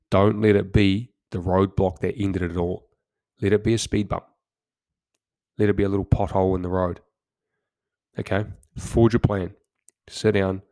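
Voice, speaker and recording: A man's voice: low voice, dark tone, dry recording. A man hosting a podcast, delivering a motivational monologue in direct, punchy commands, often stumbling and repeating words as he goes. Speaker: podcast host.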